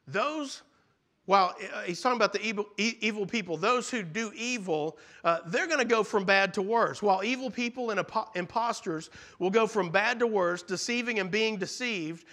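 High, bright-voiced preacher. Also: male voice, moderate pace. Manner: earnest, with frequent restarts and repeated phrases. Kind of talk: sermon.

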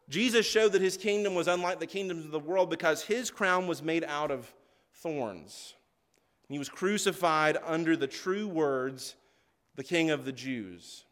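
High-voiced preacher man, earnest sermon. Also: lively intonation, a bit bright. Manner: earnest, emphatic, slows down for stress; reads scripture aloud.

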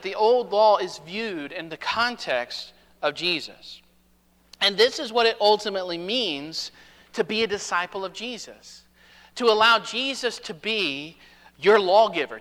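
A man's voice: high voice, bright, forceful tone, big-room sound. A man preaching a sermon as a pastor, earnest, dropping his voice to quote scripture.

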